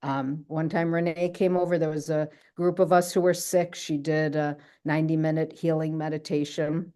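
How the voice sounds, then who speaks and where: Chatty woman with a low voice. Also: level tone, normal speed, warm tone, clear, resonant tone. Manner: chatty, keeps checking in with "right?". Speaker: speaker sharing her healing story. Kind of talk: casual talk on a video call.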